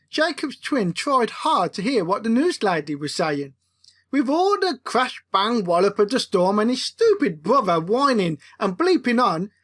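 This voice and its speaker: A woman reading her own comic novel aloud with a playful, expressive delivery. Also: on the high side. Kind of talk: comic audiobook narration.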